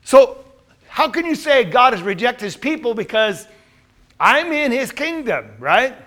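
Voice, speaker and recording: A man's voice: very high-pitched, sing-song, measured pace, fairly bright tone. A man teaching a Bible class, quizzing his listeners with questions and then answering them himself.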